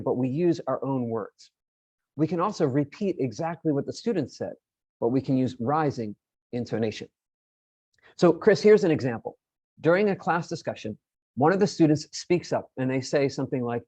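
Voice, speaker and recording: A man's voice: fairly high pitch, lively intonation, a little fast, dark tone, no echo, highs cut off. A man presenting an online teacher-training session, explaining in a friendly way and often repeating his words.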